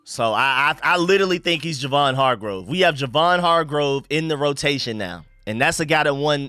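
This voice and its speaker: A young man from the United States hosting a live stream, chatting casually and shouting out viewers and donations. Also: mid-range voice, clean tone, dry recording. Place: home room.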